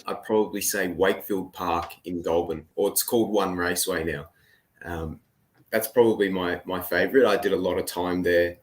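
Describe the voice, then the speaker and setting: Laid-back Australian man with a lowish voice. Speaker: guest, motorcycle racer. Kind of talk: casual interview chat.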